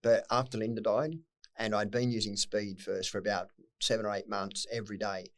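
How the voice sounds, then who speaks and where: A middle-aged Australian man with a fairly low voice, talking quickly and bluntly. He swears freely as he recounts hard memories, and emotion breaks through now and then. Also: flat delivery. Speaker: podcast guest. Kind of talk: candid personal storytelling.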